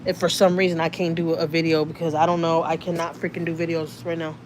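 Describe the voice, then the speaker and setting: A woman from Houston, Texas, with a Houston accent, livestreams from her car on a phone, talking fast in a deep, level voice over slight background noise. The channel host reads viewer comments and swears freely.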